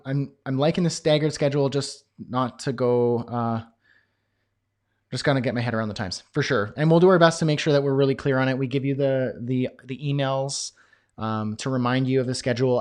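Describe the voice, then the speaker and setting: A man's voice: mid-range voice, steady tone, a little fast, darkish tone. A man from Canada with a Canadian accent, hosting a live Q&A call. He reads chat comments aloud and rambles and jokes, with lots of fillers. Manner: rambling and jokey, with many fillers. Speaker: course host and coach.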